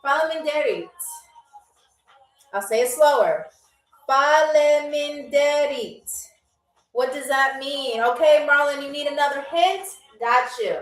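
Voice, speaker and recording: High-pitched lady hosting a game stream, teasing and chatty, laughs a lot, sounds far off in an echoey room. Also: expressive, normal speed, fairly bright tone. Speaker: game show host. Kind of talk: playful livestream hosting.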